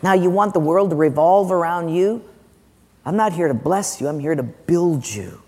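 A calm, patient God quietly rebuking those who grumble, as a preacher puts him on. The tone is soft and firm, carried on a long hall reverb. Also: male voice, a little high, normal speed. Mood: gently rebuking.

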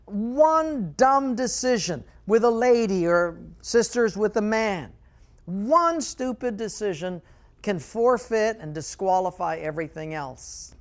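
Male pastor preaching with animated storytelling. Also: high-pitched, takes it slowly. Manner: animated storytelling, dropping to quiet emphasis. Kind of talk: sermon.

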